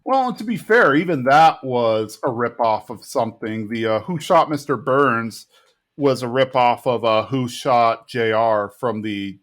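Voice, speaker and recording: Animated young man recapping a show. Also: medium pitch, unhurried. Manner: animated retelling, acting out characters' lines in raised voices. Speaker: podcast co-host recapping episodes. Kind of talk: casual chat.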